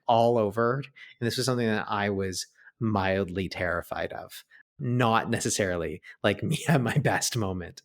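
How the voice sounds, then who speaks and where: A man, a podcast guest, telling a personal story in a chatty way, full of filler words. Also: fairly low pitch. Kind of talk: storytelling in an interview.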